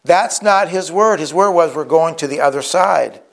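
A man's voice: fairly high pitch, normal speed, vocal fry. A man preaching a sermon in an earnest tone, acting out the quoted speakers as he retells scripture stories. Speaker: pastor.

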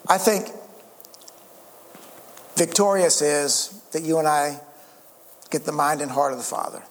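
A male pastor preaching a sermon in an earnest way, with stammered restarts and calls for an amen. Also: high-pitched. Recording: reverberant church hall.

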